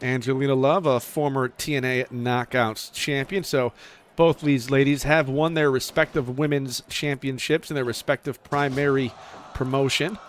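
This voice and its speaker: A man giving casual play-by-play commentary over a video game wrestling match, excitable, jumping up in pitch on the big moves. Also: moderate pace, a little hiss or hum.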